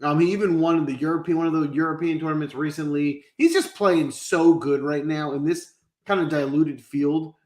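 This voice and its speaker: A man's voice: a little high, fairly even intonation, moderate pace, darkish tone. A man giving fantasy golf picks in a casual live chat, confident and conversational. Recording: roomy echo.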